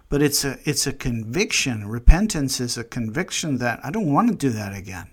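Male devotional leader, middle-pitched, slow and earnest, reflective pauses. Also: animated. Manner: pauses mid-phrase, restarts thoughts. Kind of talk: devotional meditation.

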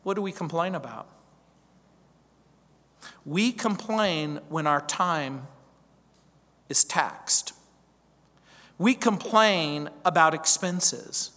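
A man's voice: on the high side, drawn-out words, pauses often, bright, forceful tone, long reverb tail. A male pastor preaching a verse-by-verse sermon, emphatic, stacking repeated phrases and rhetorical questions.

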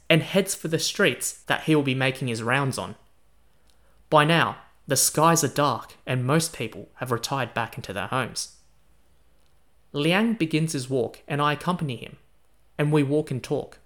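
A man's voice: on the high side, fairly bright tone. A man hosting a history podcast, telling a first-person story in a chatty, casual way. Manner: chatty, casual, uses slang. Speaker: podcast host.

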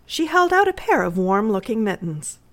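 A woman narrating a classic story in a measured readers' theatre reading. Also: mid-range voice, very animated.

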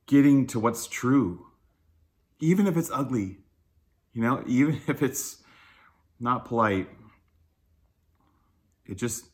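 A man in his thirties preaches in a relaxed, conversational way, as if talking with friends. He is candid and self-deprecating, laughs readily, and leans on lots of fillers. His voice sits a little low. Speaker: pastor. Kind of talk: casual sermon talk.

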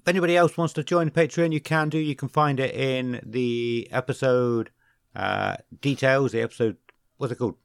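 A man co-hosting a podcast, joking around, stumbling over and correcting his words, reading names in a slow, drawn-out way. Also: mid-range voice, vocal fry, smooth, dry recording, clean studio sound. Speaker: podcast co-host. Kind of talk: casual podcast chat.

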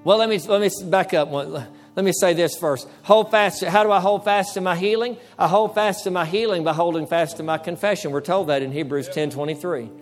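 High-voiced pastor preaching emphatically. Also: male voice, fairly quick, hardly any pauses, soft background music. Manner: emphatic, repeats phrases, acts out dialogue with the devil. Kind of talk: sermon.

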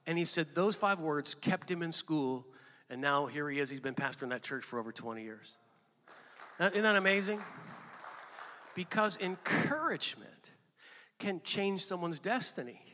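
A man preaching a sermon with animated delivery that swells into emphatic bursts. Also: a little high, moderate pace. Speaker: pastor. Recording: long hall reverb.

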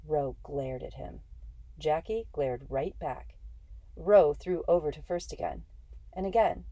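A woman reading a first-person story aloud in a steady, measured way. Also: sits low, no echo. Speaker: audiobook narrator.

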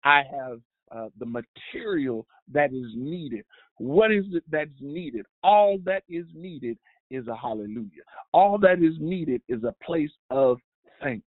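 Gravelly man preaching over a tinny line. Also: a little high, lively intonation, dry recording. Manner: halting, repetitive, with many restarts and fillers; drives points home with a repeated refrain. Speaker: host and preacher. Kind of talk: devotional sermon. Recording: tinny phone-like dry sound.

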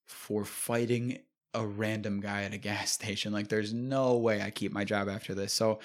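A young man telling a comedic story and ranting, profane and animated, often laughing. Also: on the low side, moderate pace.

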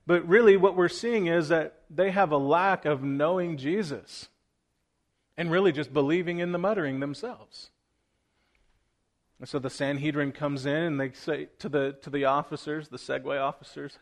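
Higher-voiced man preaching earnestly. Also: normal speed, fairly bright tone. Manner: earnest, plain-spoken, exhorting. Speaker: pastor. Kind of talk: sermon. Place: church room with congregation.

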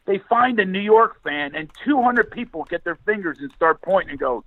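A man's voice: high voice, moderate pace, hardly any pauses, phone-quality sound. A middle-aged man from Philadelphia, a comedian telling funny stories in a chat and acting out the voices in them. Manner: animated, laughs often, acts out voices in his stories. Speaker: comedian guest.

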